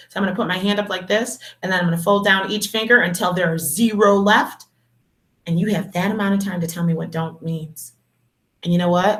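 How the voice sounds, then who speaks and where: A woman teaching a video lesson to young children, speaking in a slow, encouraging, sing-song way and calling them her dears and superstars. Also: mid-range voice, sharp tone. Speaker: kindergarten teacher.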